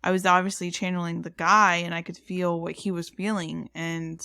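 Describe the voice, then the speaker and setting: A woman's voice: lowish voice, level tone, normal speed, gravelly, bright, forceful tone, no echo. A woman co-hosting a podcast, talking in a chatty, rambling way with frequent restarts. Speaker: podcast co-host. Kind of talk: casual chat.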